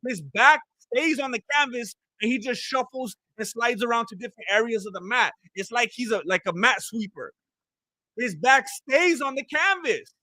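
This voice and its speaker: A man's voice: very high voice, brisk, hardly any pauses, bright, forceful tone, dry recording. Man, casual fight commentary, jokey and rambling, dry close sound. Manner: joking, rambling, repeats himself. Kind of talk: casual live fight watch-along commentary.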